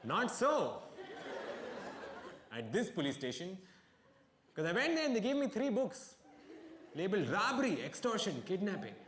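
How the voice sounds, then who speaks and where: A man's voice: high voice, wildly swooping pitch, normal speed, pauses often, echoey room, noisy background. A male stand-up comedian telling a story in a dry, self-mocking way at a live comedy venue, with audience laughter.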